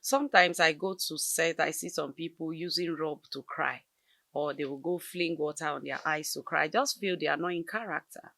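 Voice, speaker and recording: A woman with a Nigerian English accent talks in an interview with lively emphasis. Her lowish voice has a gravelly fry and a bright, forward edge. The recording is close and dry. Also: moderate pace, dry recording. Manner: expressive, emphatic, laughs often. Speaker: actress interviewee. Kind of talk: conversational interview.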